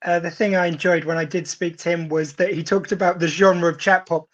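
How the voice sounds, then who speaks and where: A male host asking relaxed, jokey questions in a casual interview chat. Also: a little high, brisk, highs cut off.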